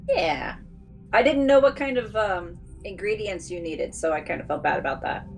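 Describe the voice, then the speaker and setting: A woman's voice: mid-range voice, moderate pace, creaky, soft background music, low-quality recording. A woman playing a tabletop game, reacting in a bubbly, giggly way. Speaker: player. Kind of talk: casual tabletop play.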